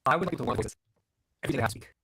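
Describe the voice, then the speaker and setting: A man who coaches voices tells stories at a rapid clip, slipping into playful quoted voices now and then. His tone is slightly husky. The sound is dry and close. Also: medium pitch, dry recording, poor audio. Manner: animated storyteller, acts out voices in quotes. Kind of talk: interview guest, storytelling.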